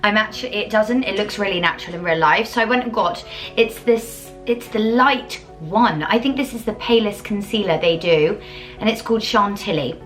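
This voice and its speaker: An English woman chatting casually in a vlog, gushing and full of fillers, and cooing at her dog in a high baby voice. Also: moderate pace, fairly bright tone, faint music behind. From England. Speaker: vlogger.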